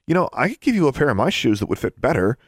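A man's voice: mid-range voice, sing-song, very fast, no echo, pitched above the performer's own voice. Curious young girl, a man reading her, eager questions, dry close mic.

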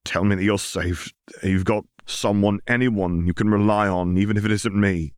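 A worried middle-aged father pleads in a low, hushed voice, his words halting and careful, as a male narrator puts him on. It has the close, dry sound of a storybook recording. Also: steady tone, clean tone, no echo, natural voice. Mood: pleading.

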